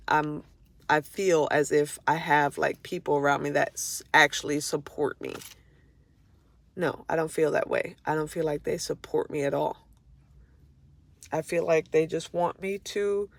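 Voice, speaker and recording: A woman's voice: fairly low pitch, gravelly. A woman venting in an unscripted personal vlog, blunt and profane, often restarting her sentences out of frustration. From Florida. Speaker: vlogger.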